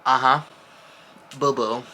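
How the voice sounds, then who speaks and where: An eighteen-year-old man venting to camera in a casual vlog, animated and exasperated, with sudden leaps up in pitch. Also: slow pace, a little hiss or hum, low-quality recording. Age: teens. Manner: animated, exasperated storytelling with big pitch jumps. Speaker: vlogger.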